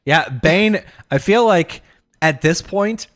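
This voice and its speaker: A male podcast co-host who speaks slowly and unhurriedly in a casual chat. He chuckles a lot and lets his thoughts trail off. The sound is dry and close, with no room echo. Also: high-pitched, expressive. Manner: laid-back, chuckles often, trails off mid-thought.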